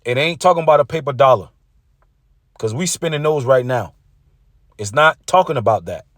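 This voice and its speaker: A man's voice: mid-range voice, animated, moderate pace, no echo, clean studio sound. A man preaching combatively, reading scripture aloud and mocking rival preachers. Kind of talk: street-preacher sermon video.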